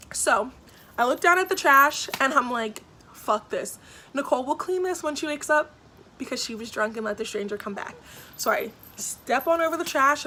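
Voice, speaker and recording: A young woman in her twenties vlogging a storytime, retelling events in a lively way with lots of "like" and acted-out quotes. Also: a little high, slight background noise. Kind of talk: storytime vlog.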